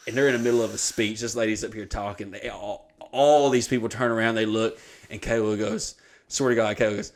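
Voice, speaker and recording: A man telling a comic story on a podcast, swearing freely and acting out the voices of the people in it. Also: mid-range voice. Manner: profane, animated, acts out quoted voices.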